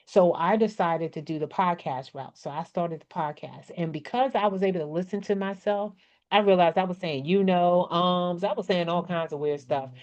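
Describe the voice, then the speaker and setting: This woman's voice is lowish and a little mellow, at a normal speed, with a slight country twang from the Maryland area. As a business speaking presenter giving a casual workshop, she's chatty and coaching, regularly checking in with "okay? right?" She records indoors at a computer through a desk microphone and webcam, and the audio is dull lo-fi.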